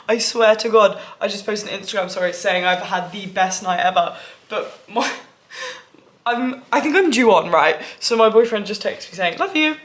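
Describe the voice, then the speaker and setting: A woman's voice: mid-range voice, normal speed, a little hiss or hum. A young woman vlogging casually, chatty and gushing, with lots of "like". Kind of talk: casual vlog chat.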